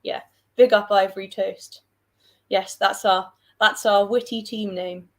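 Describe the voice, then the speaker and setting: A woman's voice: medium pitch, steady tone, unhurried. A young woman from England with a southern English accent, rambling casually on a livestream, joking at her own expense and reading out comments from viewers. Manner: chatty, rambling, self-deprecating, reads out viewer comments. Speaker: livestream host.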